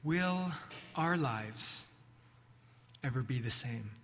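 A man's voice: medium pitch, slight background noise. A man preaching, retelling a scripture story vividly as he guides listeners through a reflection. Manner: vivid, animated narration with slow pauses. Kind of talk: dramatic sermon storytelling. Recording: echoey hall reverb.

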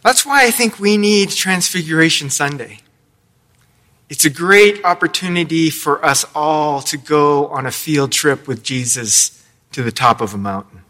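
Guy pastor giving a sermon, slow and deliberate, really bright voice, kinda high. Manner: storytelling with playful asides. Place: church sanctuary.

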